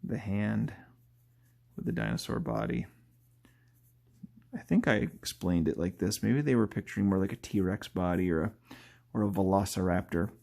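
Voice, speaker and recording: A man's voice: low voice, expressive, moderate pace, gravelly, long pauses, darkish tone. Rambling chatty man sketching live. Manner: rambling and chatty, laughs at his own jokes; thinks aloud while drawing, often trails off. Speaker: artist drawing live. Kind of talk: casual live-drawing commentary.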